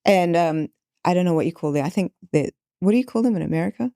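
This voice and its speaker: A woman's voice: lowish voice, fast, dry recording, studio quality. A woman, a podcast guest telling a story in conversation and acting out the people she quotes. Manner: animated, acts out quoted voices.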